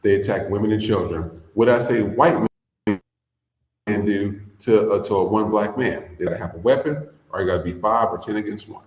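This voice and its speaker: Male podcast host, low voice, echoey room, blunt profane casual commentary. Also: brisk. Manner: blunt and profane, drawling with fillers.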